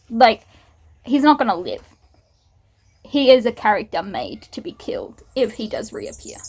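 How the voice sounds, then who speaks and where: A woman's voice: on the high side, husky. A woman, a book vlogger, chatting casually to camera at home in a rambling way with laughs. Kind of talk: casual vlog chat to camera.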